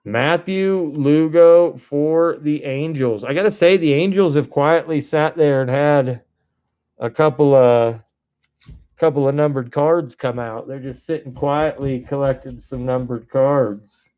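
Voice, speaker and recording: Slow, mellow-voiced man hosting a card break. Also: fairly high pitch, clean tone. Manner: rattles off names, bursts into excited shouts. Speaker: live card break host. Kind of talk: casual live-stream card break chat.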